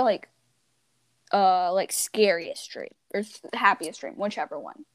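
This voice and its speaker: A teenage girl chatting casually, telling animated stories, acting out voices and giggling often. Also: mid-range voice, unhurried, no room sound. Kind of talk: casual chat.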